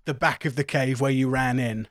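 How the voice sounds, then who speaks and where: A man's voice: medium pitch, steady tone, normal speed, no room sound, studio quality. A man running a tabletop game as game master, chatty and often laughing. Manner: giggly, loose and chatty.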